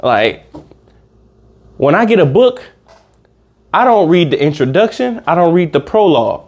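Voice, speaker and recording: Man, fairly high voice, casual reaction host, rambling, preachy, curses a lot. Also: very animated, measured pace, a little mellow. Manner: rambling, preachy, swears freely, talks straight to viewers.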